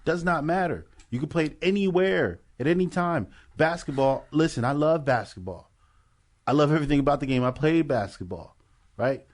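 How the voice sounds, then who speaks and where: A man's voice: a little high, expressive, moderate pace. An American man co-hosting a podcast, ranting emphatically with heavy swearing in casual chat. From United States. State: high. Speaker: podcast co-host.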